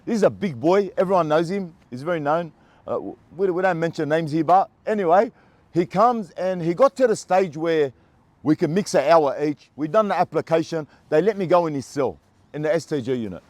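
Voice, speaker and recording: Animated Australian man telling a story. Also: a little high, fairly quick, no room sound. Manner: animated, repeats words, acts out sounds. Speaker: former prisoner telling his story. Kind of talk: casual storytelling to camera.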